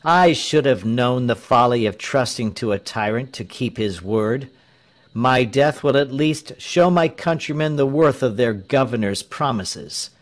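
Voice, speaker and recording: A man's voice: mid-range voice, big pitch swings, slow, pitched above the performer's own voice. A man reading a storybook, voicing a proud, defiant male archer who speaks firmly and earnestly.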